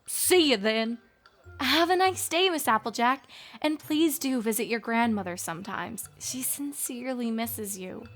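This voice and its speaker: A woman voicing a polite, formal female store manager in a fanfic audiobook reading, courteous and softly spoken. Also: fairly high pitch, a little slow. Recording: faint music behind.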